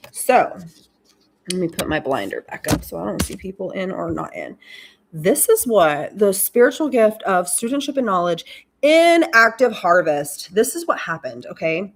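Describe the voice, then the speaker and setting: Woman doing a chill spiritual chat from home on her camera, mid pitch, super animated storyteller, acts out talking to god. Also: moderate pace, slight background noise. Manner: animated storytelling, acting out her talks with God in shifting voices. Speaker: spiritual talk host. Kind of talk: casual spiritual talk to a live audience. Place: at home, indoors.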